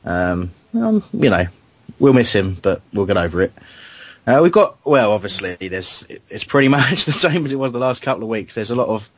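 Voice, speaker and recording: Sing-song at a moderate pace, this medium-pitched host runs a relaxed football fan podcast that feels like fan radio banter. He pokes fun at himself and restarts often, recorded dry with no room sound in dull lo-fi at home.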